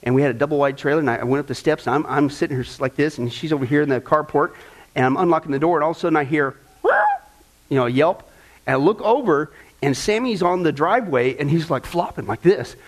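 A middle-aged pastor with a high voice teaches from Scripture in a casual, rambling way. He tells stories, stumbles over fillers and keeps checking in with his listeners. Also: fast. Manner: anecdotal, with frequent fillers and repeated words; checks in with listeners, asking "right?" and "okay?". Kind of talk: Bible teaching.

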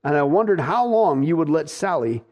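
A man voicing a kind old grandmother in a story told during a sermon, speaking gently and plainly. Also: fairly high pitch, expressive, moderate pace, lightly acted. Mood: gentle.

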